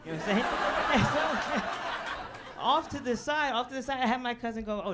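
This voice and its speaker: Stand-up comic, south-suburban Chicago, casual rambling delivery, live club tape with background noise. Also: female voice, fairly high pitch, expressive, brisk. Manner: casual storytelling, peppered with "um" and "right?". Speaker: stand-up comedian. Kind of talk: stand-up comedy set. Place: comedy club stage. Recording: noisy live club recording.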